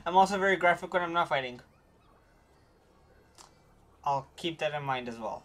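A woman streaming a game, chatting casually with viewers in an animated way, quick to get frustrated. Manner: voice jumps high when excited.

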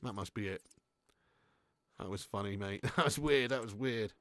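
Streaming a football game, this young gamer talks in a fairly low voice at a normal pace. He is relaxed, swears and reads out the chat, and there is no room sound.

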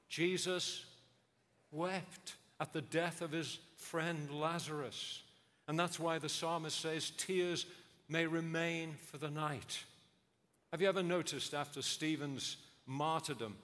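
A man preaching an earnest memorial sermon, rhetorical and lively, sometimes mimicking bland voices in a high tone. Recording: long hall reverb.

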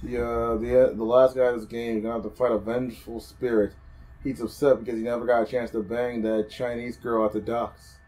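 A man co-hosting a gaming show, making deadpan rambling jokes in casual commentary. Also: medium pitch, a little fast, poor audio.

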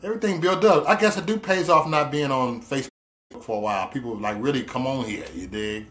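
A man's voice: medium pitch, fairly quick, fairly bright tone. A man hosting a casual livestream, chatting with viewers in a playful, teasing way, laughing often and using loose slang fillers. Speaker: livestream host. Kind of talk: casual livestream chat reading viewer comments.

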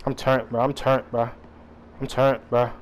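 A young man calling out plays to his teammates while gaming, excitable and profane, barking quick instructions. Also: medium pitch, lo-fi sound. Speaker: gamer playing online. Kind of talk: live gameplay commentary.

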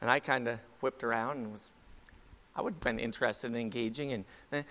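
A man's voice: mid-range voice, a little fast, pushed and bright. A man preaching a sermon as pastor, talking conversationally and asking the congregation direct questions. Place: church sanctuary. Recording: long church hall reverb.

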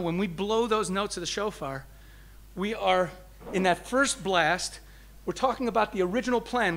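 Speaking as a rabbi, a high-pitched man teaches and explains to an audience. He alternates emphatic and soft passages and draws out the important phrases.

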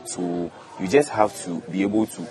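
A young man from Ghana in his twenties, a student catfish farmer giving plain, halting answers with fillers in an interview. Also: sits low, darkish tone, faint music behind. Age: 20s.

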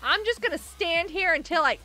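A woman's voice: very high-pitched, expressive, a little fast, bright, forceful tone, faint music behind. A young woman streaming a game live, bubbly and exclaiming, chatting with viewers as she plays. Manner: bubbly, exclaims and laughs often, talks to chat.

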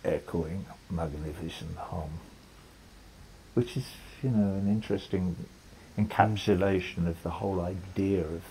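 A man's voice: low-pitched, fairly even intonation, normal speed, dark tone, slight background noise, rough recording. An older man, telling a long story as an interview guest, rambling with restarts and quoted lines. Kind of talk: relaxed storytelling conversation.

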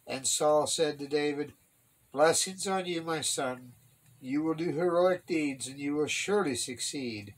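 A man's voice: a little high, measured pace, low-quality recording. A man reading a Bible story aloud to children, lifting his voice for the characters and adding wry comments between passages. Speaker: kids' Bible class teacher. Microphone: online stream mic.

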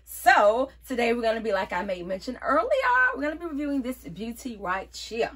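A young woman chatting playfully to her viewers as she reviews a wig, exuberant and quick to laugh. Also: a little high, expressive, fairly bright tone. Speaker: beauty vlogger reviewing a wig. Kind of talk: casual chatty vlog.

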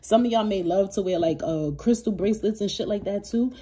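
A woman's voice: mid-range voice, fairly quick, breathy edge. A woman doing a casual tarot reading for her viewers, cursing freely, laughing often and calling them baby. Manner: profane, animated, laughs often, calls viewers baby and child. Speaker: tarot reader.

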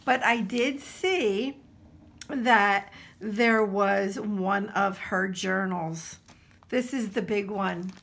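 A woman from New Jersey chatting casually to her camera as she unboxes craft supplies, gushing and excited, with lots of fillers. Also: mid-range voice, very slow, gravelly. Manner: gushing and excitable, full of exclamations. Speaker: craft vlogger.

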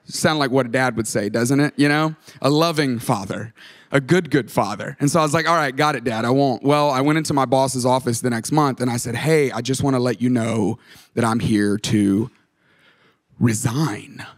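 A man's voice: medium pitch, normal speed. A middle-aged man preaching a sermon as a guest pastor, telling a personal story with self-deprecating humor and acting out the voices he quotes. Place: large church auditorium. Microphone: stage microphone.

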